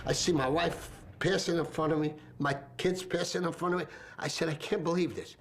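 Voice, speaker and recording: Firefighter telling a vivid story. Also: male voice, fairly high pitch, fairly even intonation, brisk, slight background noise. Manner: vivid storyteller who acts out shouted quotes. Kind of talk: documentary interview recollection.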